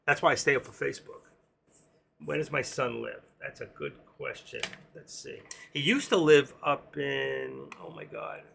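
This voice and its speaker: Gravelly New York man chatting on a live stream. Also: mid-range voice, moderate pace, pushed and bright, a little hiss or hum. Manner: rambling, chatty, reads viewer comments aloud. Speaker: stock trading live streamer. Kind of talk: casual live-stream chat.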